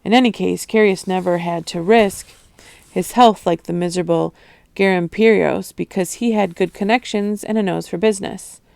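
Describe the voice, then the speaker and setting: A woman reading a novel aloud in a steady, expressive storytelling manner. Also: medium pitch, moderate pace, gravelly, no room sound. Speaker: audiobook reader.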